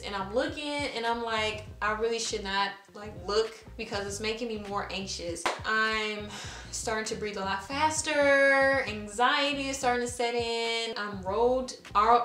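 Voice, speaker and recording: A woman's voice: medium pitch, a bit bright, echoey room. A woman casually telling a personal story for her vlog, chatty and full of fillers, acting out her own nervous words.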